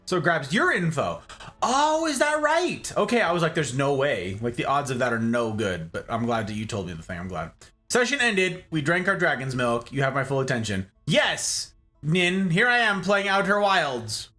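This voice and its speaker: A male game streamer banters with his chat at normal speed, his pitch swinging widely as he laughs often and keeps things loose and casual. He's very animated, with a bright, forward edge to his voice and faint music underneath.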